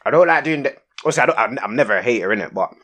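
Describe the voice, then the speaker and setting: A man's voice: mid-range voice, lively intonation, racing, fairly bright tone. A man co-hosting a casual podcast, laid-back and heavy on slang. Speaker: podcast co-host. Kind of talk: casual chat.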